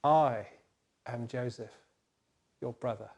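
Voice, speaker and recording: A man voicing Joseph, a grown man in power, speaking calmly, gently and solemnly in a children's Bible story. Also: medium pitch, takes it slowly, breathy edge. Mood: commanding.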